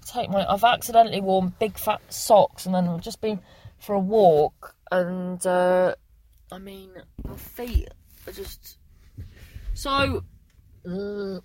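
A woman's voice: mid-range voice, slow pace, darkish tone. Rambling young Englishwoman chatting in her car. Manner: rambling, swears freely, chatty. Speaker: vlogger. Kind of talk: casual chatty vlog monologue. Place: sitting in a parked car.

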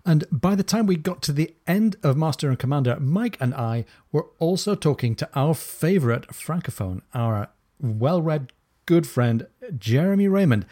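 A man hosting a podcast, chatting about a novel's humour and now and then reading lines. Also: a little high. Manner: animated, reads quoted lines in put-on accents. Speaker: podcast host. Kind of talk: conversational book discussion.

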